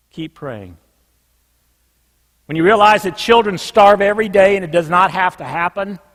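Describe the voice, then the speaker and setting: A man preaching a sermon as pastor, emphatic, dropping soft and low on a repeated refrain. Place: church sanctuary. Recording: long reverb in a large church.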